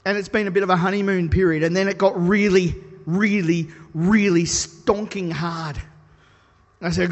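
A man preaching a sermon, telling stories in an animated, self-deprecating way. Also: high voice, normal speed, dull audio. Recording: long reverb of a large hall.

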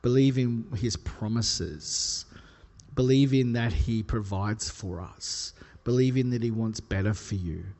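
Playful preacher in a reverberant hall. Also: male voice, unhurried, a little mellow. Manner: conversational, playful, builds to emphatic highs. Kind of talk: sermon.

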